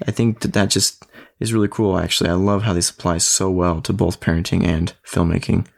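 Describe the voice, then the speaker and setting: A man's voice: low voice, fairly quick, creaky. A man co-hosting a podcast, a filmmaker and parent talking casually and telling stories with lots of laughter. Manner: animated storyteller, laughs often. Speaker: podcast co-host. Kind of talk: casual conversation.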